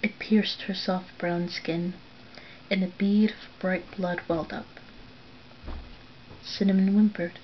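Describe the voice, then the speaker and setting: A woman reading a story aloud, softly and often near a whisper. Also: fairly low pitch, little pitch movement, slow, long pauses, dull audio, slight background noise. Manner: soft, often drops to a whisper for narration.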